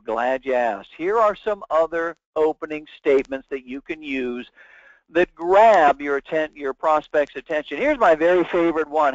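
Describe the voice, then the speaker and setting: Here a man with a higher-leaning voice and lively intonation speaks at normal speed, without echo. He's teaching sales on a webinar, emphatic throughout and performing mock phone calls, recorded in dull, dry lo-fi sound.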